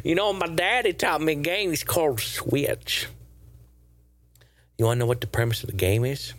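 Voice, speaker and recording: A man putting on the voice of a creepy odd man who tells a crude game in a leering, drawn-out way. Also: on the high side, fairly bright tone, lightly acted.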